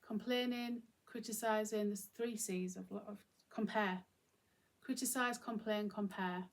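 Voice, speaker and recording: A woman's voice: mid-range voice, steady tone, unhurried. A woman hosting her own channel, talking reflectively and informally to camera with plenty of fillers and restarts. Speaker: channel host. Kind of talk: reflective solo talk to camera.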